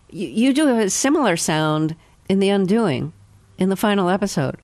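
A woman's voice: medium pitch, animated, moderate pace, a little mellow, no room sound. A woman interviewing a guest, asking friendly, curious questions.

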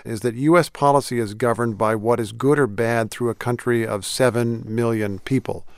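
A man's voice: mid-range voice, fairly even intonation, normal speed, clean tone, no room sound, studio quality. A man interviewing a guest for the news, asking direct and probing questions.

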